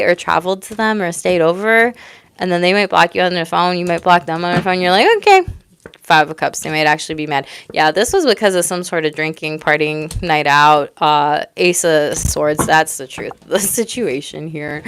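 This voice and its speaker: Gushing, excitable woman tarot reader. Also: sits low, a little hiss or hum. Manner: excitable, gushing, laughs often; casual, swears freely. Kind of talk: live tarot reading to chat viewers.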